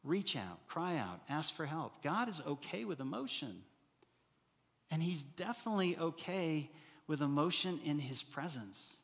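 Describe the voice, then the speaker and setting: A man preaching a sermon as pastor, animated and rising to loud, emphatic bursts. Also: on the high side, unhurried, gravelly. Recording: hall reverb.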